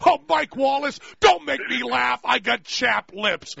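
Man, call-in radio host, bright gravelly voice, sarcastic shouting rants, lo-fi radio sound. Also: very high-pitched, animated, unhurried, few pauses, dry recording. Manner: sarcastic mock-outraged ranting, bursts into shouting. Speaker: radio talk show host. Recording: lo-fi radio broadcast.

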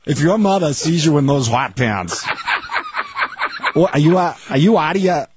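A man putting on a brash Boston local with a Dorchester accent, scolding a girl loudly and quickly. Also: fairly high pitch, expressive, background noise, voice pushed up, close to an everyday voice. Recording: dull radio broadcast sound.

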